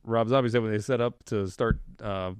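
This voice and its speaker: A man's voice: fairly low pitch, steady tone, fairly quick, a little mellow, smooth, dry recording, studio quality. A man hosting a horror movie podcast, casually retelling scenes in a rambling, swearing way. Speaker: podcast host. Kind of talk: casual chat.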